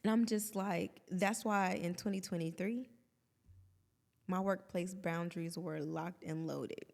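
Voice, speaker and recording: A woman's voice: lowish voice, fairly even intonation, measured pace, creaky, darkish tone, big-room sound. A woman in her thirties, co-hosting a podcast, chatting openly and expressively with quoted asides. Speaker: podcast co-host. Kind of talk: candid conversational podcast chat.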